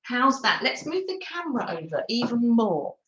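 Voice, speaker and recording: Craft-stream host: a woman with a bouncy, high-ish voice, unhurried chatter and quick self-mocking laughs, heard in a roomy, slightly muffled home recording. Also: sing-song, a bit bright. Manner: rambling, self-mocking, laughs often, coos at her dog. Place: home craft room with door open. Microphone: streaming camera on the table.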